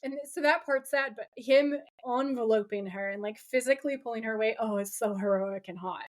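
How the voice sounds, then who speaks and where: Higher-voiced woman gushing on a podcast. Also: brisk. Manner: animated, dramatic retelling with swearing and gushing. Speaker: podcast co-host. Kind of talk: casual TV episode recap chat.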